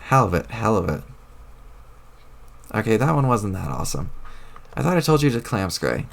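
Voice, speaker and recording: A man's voice: lowish voice, sing-song, normal speed, creaky. A man reading aloud as a brash, rude sea troll girl who makes fish puns. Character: bubbly, aggressive female sea troll girl.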